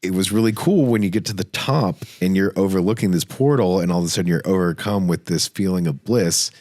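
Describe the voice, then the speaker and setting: A man's voice: sits low, fairly quick, a little mellow, no echo, clean studio sound. A man hosting a podcast, telling a story casually and animatedly, cursing freely. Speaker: podcast host.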